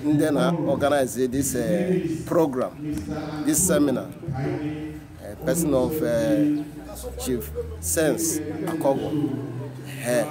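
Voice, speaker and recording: A man speaks haltingly, pausing on fillers as he mixes two languages. His voice sits at a middle pitch. A loud crowd nearly swamps him. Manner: halting, with many fillers, mixing Igbo and English.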